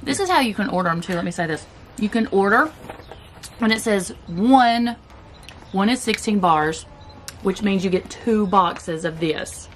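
Chewing as she talks, a Southern US woman casually reviews keto snacks for her vlog in a chatty, relaxed way. Her mid-range voice is expressive and her pace measured, with a little hiss or hum in the background.

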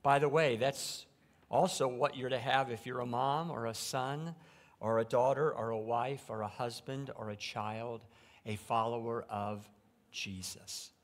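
A middle-aged man preaching a sermon from a church pulpit, shifting between quiet, reflective stretches and loud, emphatic preaching. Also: medium pitch, steady tone, a little slow. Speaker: pastor. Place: church sanctuary.

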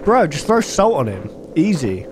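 A man's voice: on the high side, huge pitch swings, normal speed, background noise. A man hosting a reaction video, chatting casually and joking along with what he watches. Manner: chatty, laughs and jokes along.

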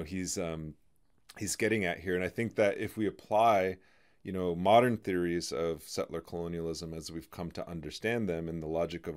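A man hosting a podcast, talking through ideas in a halting way, full of fillers and restarts. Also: low-pitched, darkish tone. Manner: halting, many "you know" fillers and restarts. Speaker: podcast host. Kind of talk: in-depth conversational discussion.

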